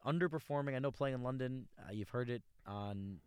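A man co-hosting a casual sports podcast, reacting with quick comments and frequent laughs. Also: mid-range voice, a little mellow, clear, resonant tone, dry recording, clean studio sound. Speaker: podcast co-host.

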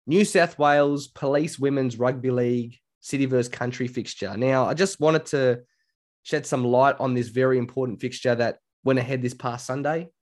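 An Australian man co-hosting a casual podcast chat, telling stories in a chatty, animated way. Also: mid-range voice. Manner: chatty, animated storytelling with quoted voices. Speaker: podcast co-host.

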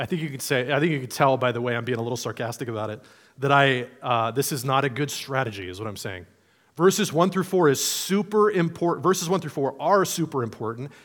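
A man preaching a sermon in a conversational, playful way, acting out imagined voices. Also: medium pitch. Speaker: pastor.

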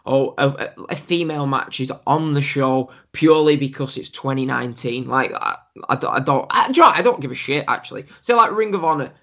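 A man's voice: medium pitch, a bit bright. A man co-hosting a podcast, talking casually and bluntly, often asking if the listener gets his point. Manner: blunt, opinionated, keeps asking "do you know what I mean". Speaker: podcast co-host. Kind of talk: casual chat.

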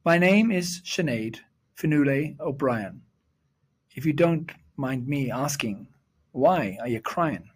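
A man voicing a gentle, kindly young girl who is new in town, in a storybook poem. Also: medium pitch, lively intonation, takes it slowly, slightly rough. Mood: friendly.

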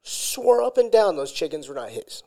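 A man's voice: sits high, big pitch swings, normal speed, dark tone. A man co-hosting a podcast in casual chat, laid-back and joking, calling his friend dude. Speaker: podcast co-host.

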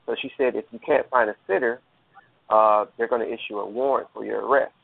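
Gravelly man telling a story by phone. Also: medium pitch, steady tone, brisk, no echo, phone-quality sound. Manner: earnest, rambling with many fillers and restarts. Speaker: guest telling a personal story. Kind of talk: casual storytelling.

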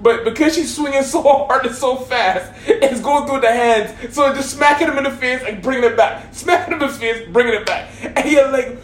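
A man from Hawaii telling a comic story casually, animated and laughing through his words, in a roomy echoing room. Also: very high voice, normal speed, few pauses, a little hiss or hum.

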